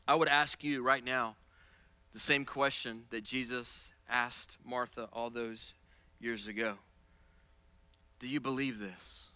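A man preaching a sermon as pastor, moving from casual, soft asides with repeated words to loud, high-pitched passages. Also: fairly even intonation, takes it slowly, long pauses, dry recording.

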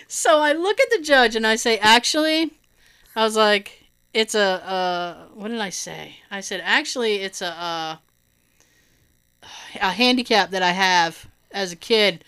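Woman, casual chat, animated storytelling, smooth clear voice. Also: medium pitch, slow pace, pauses often. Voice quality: hearing loss in right ear. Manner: animated, laughing storyteller who acts out quotes.

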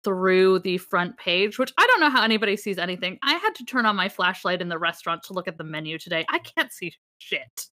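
A woman's voice: medium pitch, big pitch swings, a little fast, hardly any pauses, pushed and bright, dry recording, clean studio sound. A woman co-hosting a podcast in casual chat, enthusiastic and rambling, laughing often. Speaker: podcast co-host.

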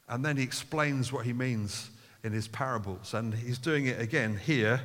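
A man's voice: mid-range voice, expressive, normal speed, a bit bright, long reverb tail. A man preaching a sermon to his church, earnest and building to emphatic calls. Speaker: pastor. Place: church hall.

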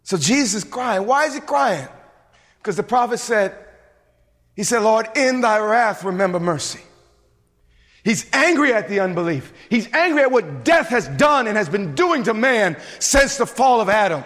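His voice high and lively with wide swings, a man from the suburbs preaches forcefully. Asides and quick restarts punctuate his talk, which rings with a big hall's long reverb.

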